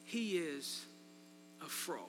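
A man preaching a sermon, swinging between loud emphasis and quiet asides. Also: on the high side, animated, slow pace, over music. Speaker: pastor. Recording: long reverb in a large hall, faint mains hum.

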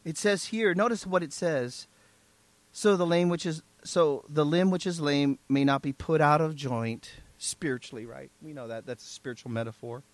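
A man's voice: on the high side, normal speed, no room sound. A man preaching a sermon as pastor, emphatic, often asking the congregation "right?" and "amen?".

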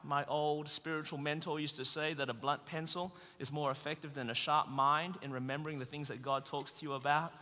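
A man preaches with a high, bright voice that rings out in a long-reverb hall. He mixes humour into the sermon and builds to shouted emphasis. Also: fairly even intonation, brisk, few pauses.

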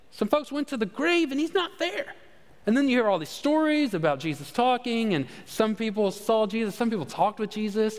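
A man giving a conversational sermon as pastor, with easy fillers and repeated words. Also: very high voice. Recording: long hall reverb.

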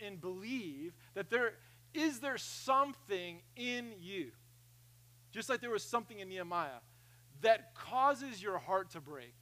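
A man preaching a sermon, animated, swinging from loud emphasis to quiet asides, often repeating phrases. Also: high voice, poor audio. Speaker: pastor.

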